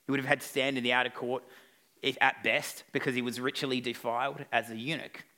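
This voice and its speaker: A man's voice: mid-range voice, little pitch movement, fast, pushed and bright. A male pastor preaching an evening sermon, retelling a story with playful asides to the congregation.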